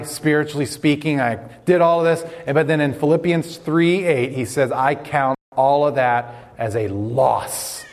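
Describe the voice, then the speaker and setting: A young man preaching a sermon, telling stories earnestly and slowing down for emphasis. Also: medium pitch. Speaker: pastor. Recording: long hall reverb.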